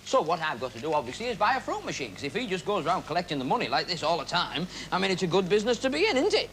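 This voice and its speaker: A man's voice: high-pitched, very animated, rapid-fire, a bit bright, a little hiss or hum, rough recording. A man hosting a televised magic comedy act, joking and teasing the audience volunteers on stage.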